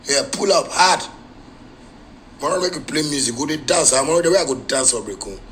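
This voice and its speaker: A man with a Ghanaian Pidgin English accent, a musician ranting heatedly in a live video and bursting into shouts. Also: mid-range voice, expressive, fairly quick, a little hiss or hum, low-quality recording.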